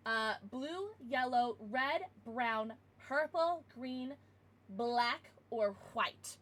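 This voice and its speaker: A young woman streaming live, chatting casually as she opens trading cards, excitable and giggly with bursts of squealing. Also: a little high. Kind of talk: casual livestream chat while opening cards.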